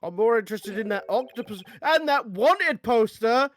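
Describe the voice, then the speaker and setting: A man's voice: very high voice, animated, normal speed, fairly bright tone, slight background noise. A man reading narration and game text aloud on a live stream, dry and matter-of-fact. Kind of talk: casual live-stream voice acting.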